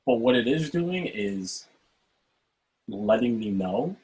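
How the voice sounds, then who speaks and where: A man hosting a casual talk over a video call, speaking in an animated way and often checking in with "right?". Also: medium pitch, takes it slowly, low-quality recording. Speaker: host. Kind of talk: casual chat.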